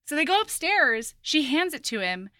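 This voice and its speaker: Bright animated woman recapping a book. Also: high voice, normal speed, dry recording, studio quality. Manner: animated storyteller, acting out quotes. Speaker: podcast co-host. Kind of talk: casual book recap chat.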